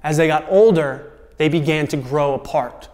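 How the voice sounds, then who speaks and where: A man hosting a motivational talk to camera, earnest and deliberate, letting his voice drop softly at the ends of phrases. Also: on the high side. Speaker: host. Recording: long room reverb.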